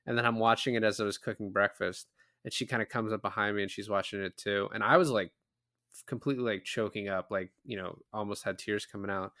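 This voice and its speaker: Bright-voiced man in casual podcast chat. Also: lowish voice, fast, no echo, studio quality. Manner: animated, swears freely, many fillers. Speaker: podcast co-host. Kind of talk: casual movie review chat.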